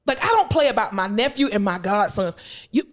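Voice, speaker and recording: A young woman co-hosting a podcast, chatting casually in a brash, profane, animated way. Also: medium pitch, fairly quick. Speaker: podcast co-host. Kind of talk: casual chat.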